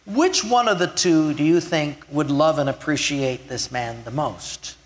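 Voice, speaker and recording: A man preaching a sermon, retelling a scripture story and swinging between loud emphasis and hushed lines. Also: fairly high pitch, measured pace. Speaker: pastor.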